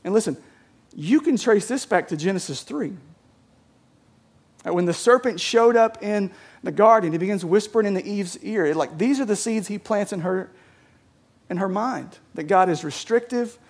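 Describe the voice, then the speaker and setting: A man's voice: high-pitched, lively intonation, normal speed, breathy edge. A man preaching a sermon as a pastor, conversational, with many restarts and frequent "right?" checks to the congregation. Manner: conversational, repeats words, often asks "right?".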